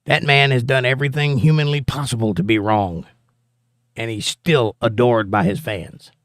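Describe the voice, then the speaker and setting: A man with a Southern accent runs a casual political livestream, reading comments aloud and joking wryly about them. His mid-range voice has fairly even intonation, a moderate pace and a fairly bright tone, captured in studio quality with no echo.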